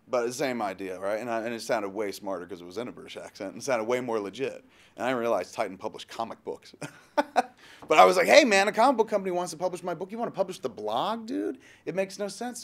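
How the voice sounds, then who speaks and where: Fast-talking, jokey man. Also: medium pitch. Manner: fast, animated and jokey, quick asides and profanity. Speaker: interviewee, filmmaker and author. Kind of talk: casual, rambling storytelling.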